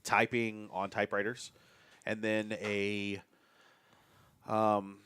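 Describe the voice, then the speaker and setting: A man acting as game master, narrating a tabletop game in a loose, halting way. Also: on the low side, flat delivery, a bit bright, clear, resonant tone, dry recording. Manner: loose, halting, with many fillers and restarts.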